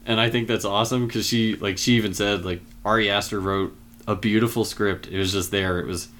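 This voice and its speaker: A man casually retelling film scenes in a relaxed chat, with many fillers. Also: on the low side, a little fast.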